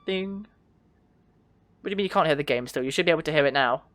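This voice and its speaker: Man, game streamer, casual chat, fairly high voice, easy laughter. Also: quick pace, a bit bright, no room sound. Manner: chatty, answers chat, laughs often. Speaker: streamer playing a train simulator. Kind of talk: casual livestream commentary.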